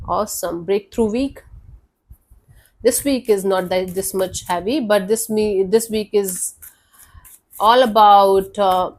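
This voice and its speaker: A woman giving a casual weekly tarot reading, talking directly to the viewer in a reassuring, conversational way with frequent fillers. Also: medium pitch. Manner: warm, reassuring, addresses viewer as honey. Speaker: tarot reader.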